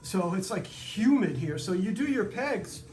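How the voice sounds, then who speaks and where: A man's voice: high-pitched, lively intonation, a little slow, darkish tone, faint music behind. Chatty man in a roomy workshop. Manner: rambling, chatty, many fillers and asides. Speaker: violin maker. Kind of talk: casual workshop tutorial. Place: humid workshop near the beach.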